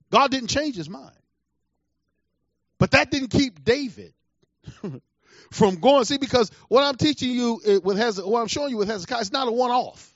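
A middle-aged man preaching a sermon with animated delivery, acting out voices from scripture and laughing at his own asides. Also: extremely high pitch, no echo. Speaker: pastor. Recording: dull lo-fi sound.

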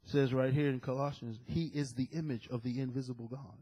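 A man's voice: mid-range voice, steady tone, a little fast, breathy edge, highs cut off. A man preaching a sermon, reading scripture and calling out to the congregation. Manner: preaching with call-and-response to the congregation. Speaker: pastor.

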